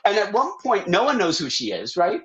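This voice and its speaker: On a talk show, a male guest animatedly recounts a lengthy family tale in a casual style, imitating each character's voice. He speaks fairly quickly in a high-pitched voice, with lo-fi sound.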